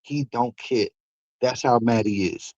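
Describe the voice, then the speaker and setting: A man's voice: medium pitch, measured pace, no room sound, lo-fi sound. A man hosting a stream, ranting casually and profanely, with mocking asides. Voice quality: animated, profane, mocking impressions. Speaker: streamer host.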